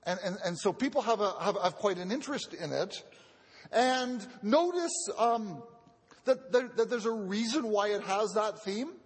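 A man's voice: sits high, lively intonation, moderate pace, breathy edge. A male pastor preaching a sermon in an earnest teaching manner, often repeating words as he restarts. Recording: long reverb of a large hall.

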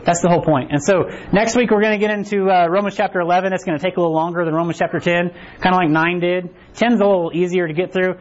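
A man's voice: sits high, steady tone, fast talker, hardly any pauses. A middle-aged man preaching a casual, conversational sermon in a church, acting out quotes and often asking "right?". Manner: chatty, acts out quotes, keeps asking "right?". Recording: dull lo-fi recording.

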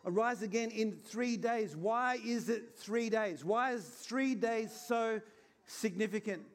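A man's voice: high-pitched, slow pace. A man preaching an Easter sermon in an earnest, conversational way, acting out little scenes as he goes. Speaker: pastor.

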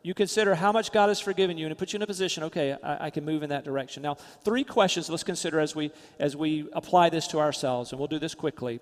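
A man preaching a sermon as pastor, emphatic, rising loud then dropping to quiet, soft asides. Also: fairly high pitch, steady tone, fast, hardly any pauses, long reverb tail.

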